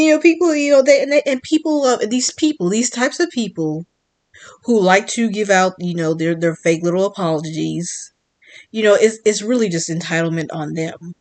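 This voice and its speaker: A woman's voice: medium pitch, expressive, normal speed, a little mellow. A woman giving a blunt, defiant monologue as a vlogger, repeating her points from the United States. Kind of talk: emphatic monologue.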